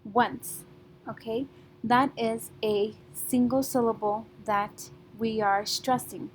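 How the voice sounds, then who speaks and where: A woman teaching a class remotely, patient and methodical, often checking in with "okay?" and clearing her throat now and then. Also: on the high side, fairly even intonation, slow pace, a little hiss or hum, rough recording.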